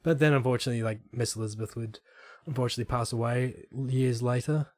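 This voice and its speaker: A man's voice: mid-range voice, fairly even intonation, fast, darkish tone, no room sound. Dry-voiced young man telling wrestling stories. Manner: storytelling, laughs into impressions. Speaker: podcast guest. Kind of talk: casual podcast chat.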